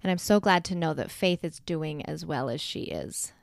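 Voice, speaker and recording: A woman's voice: low-pitched, animated, normal speed, gravelly, no echo. Dry-voiced gushing woman podcast host. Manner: gushing, tender and emotional. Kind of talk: faith podcast outro and interview.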